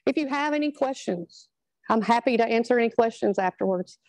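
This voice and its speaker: A woman's voice: on the high side, lively intonation, fairly quick, a little mellow, dry recording, poor audio. A middle-aged woman, giving a chatty, earnest motivational talk to a live group. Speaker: speaker at a product training.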